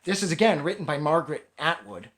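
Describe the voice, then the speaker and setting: A man's voice: a little high, fast talker, slight background noise. A man giving a casual, rambling review of a comic book. He swears often and sounds exasperated. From Canada. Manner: animated, rambling, profane, exasperated.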